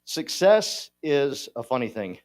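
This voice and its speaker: A man's voice: mid-range voice, sing-song, slow. A man, giving a folksy, joking motivational talk to a conference audience. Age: 50s. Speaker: conference speaker. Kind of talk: motivational speech. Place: conference hall.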